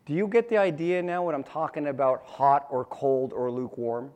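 A man's voice: on the high side, normal speed, a little mellow. A man preaching a sermon in a conversational, storytelling way, often asking his listeners questions and repeating phrases for emphasis. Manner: repeats phrases, restarts sentences.

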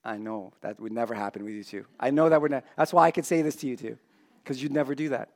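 A man's voice: mid-range voice, quick pace, darkish tone. A man preaching a sermon to a congregation in a conversational way, joking with people in the front rows. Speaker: pastor.

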